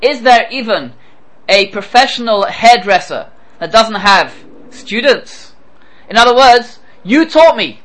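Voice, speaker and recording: A man's voice: extremely high pitch, a little slow, a bit bright, low-quality recording. A man teaching a scripture class who asks rhetorical questions and quotes Hebrew verses before translating them. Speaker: Torah teacher. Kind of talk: lecture on scripture.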